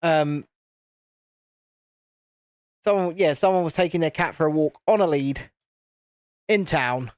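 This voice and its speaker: This YouTube channel host, a British man in his late thirties from the United Kingdom, rambles and cuts himself off while building on a live stream. His somewhat high voice is smooth and measured, with long pauses. There's no room sound.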